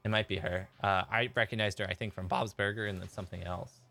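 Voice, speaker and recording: A man's voice: fairly low pitch, fairly even intonation, quick pace, gravelly, pushed and bright. A man chatting casually as he streams a game and reads out chat messages. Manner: chatty, rambling, laughs, reads chat aloud. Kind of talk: casual gameplay commentary.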